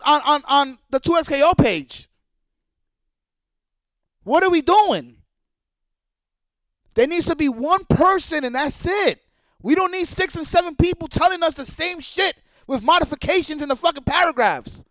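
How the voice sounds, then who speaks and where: Male streamer, high pitch, dry close sound, angry profane rant. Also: animated, unhurried, long pauses, a bit bright, no room sound. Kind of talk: heated rant.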